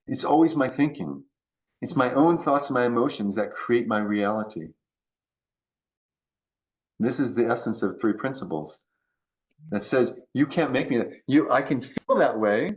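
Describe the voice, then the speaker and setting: Reflective man with dull-sounding audio. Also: mid-range voice. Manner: animated, acts out quoted voices. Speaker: guest. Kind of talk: conversational coaching talk.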